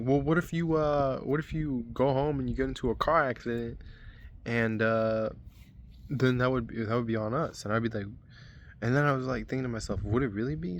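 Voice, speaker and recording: Young man, casual rant, mid-pitched, frustrated, cussing, faint background hiss. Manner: rambling, frustrated, swears often. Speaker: vlogger.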